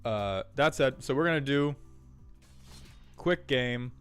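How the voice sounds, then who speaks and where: A man's voice: medium pitch, lively intonation, slow pace, clear, resonant tone, faint music behind. A man streaming live, chatting casually and cheerfully greeting viewers by name.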